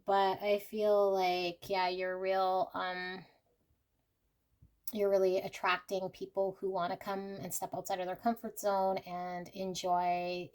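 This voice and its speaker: Female tarot reader, mid-range voice, relaxed off-the-cuff delivery full of "I feel like," reassuring toward the listener. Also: mid-range voice. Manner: chatty and unscripted, often hedging with "I feel like"; warm and reassuring, addressing the viewer directly. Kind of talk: casual pick-a-card tarot reading.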